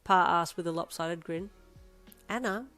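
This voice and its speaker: Woman narrating a story over soft music. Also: lowish voice, fairly quick. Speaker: story reader. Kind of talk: reading a second-person fan story.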